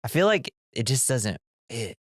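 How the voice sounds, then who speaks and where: A man co-hosts a casual movie podcast, rambling through his review chat and acting out characters' lines. His mid-range voice swings widely in pitch at a moderate pace, and the recording is dry and studio quality.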